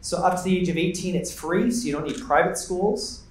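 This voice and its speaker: A man with a Canadian accent speaking on a conference panel, giving an upbeat, joking sales pitch. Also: fairly quick, a little hiss or hum. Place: large conference hall. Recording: echoey hall sound.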